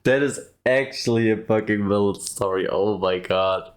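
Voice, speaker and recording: A man's voice: fairly low pitch, normal speed. A man giving casual reaction commentary who laughs often and swears in disbelief. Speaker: reaction video host.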